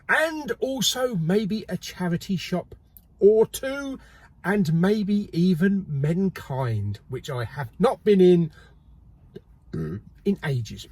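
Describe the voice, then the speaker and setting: A cheeky, jokey man hosts a casual shopping vlog from a car and a multi-storey car park, swearing casually as he goes. His voice sits high, in a dry recording.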